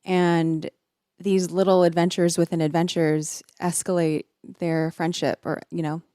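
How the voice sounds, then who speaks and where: A woman's voice: fairly low pitch, little pitch movement, a little slow, mellow, no echo, clean studio sound. A woman hosting a podcast, chatting casually about a film score and saying "like" a lot. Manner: casual, uses "like" often. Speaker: podcast host.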